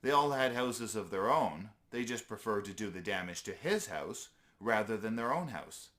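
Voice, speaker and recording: A man's voice: on the low side, lively intonation, normal speed, a bit bright. A man reading a children's story aloud in an easygoing way, with small slips he corrects as he goes.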